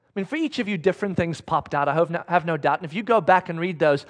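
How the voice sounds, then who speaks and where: A man's voice: on the high side, lively intonation, fast talker. A man preaching a sermon as pastor, earnest and emphatic, often repeating himself as he builds to fervent moments. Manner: repeats words when caught up in thought.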